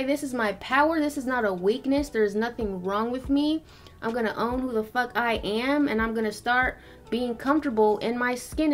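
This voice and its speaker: A woman in her twenties chatting bluntly while doing her makeup, with a lot of swearing and animated storytelling. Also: a little high. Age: 20s. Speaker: beauty vlogger.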